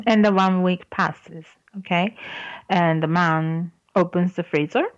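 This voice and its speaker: A woman's voice: fairly low pitch, steady tone, slow, no echo, dull audio. A woman hosting a podcast who tells a joke in casual chat, laughing often and stopping to explain words. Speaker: podcast host.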